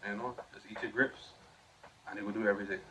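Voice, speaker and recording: A man's voice: fairly low pitch, fairly even intonation, quick pace, sharp tone. A man with a Trinidadian accent, hosting his own podcast and giving a motivational talk, preachy and repetitive, often asking "you understand?". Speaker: podcast host. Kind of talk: motivational monologue. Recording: dull lo-fi recording with faint noise.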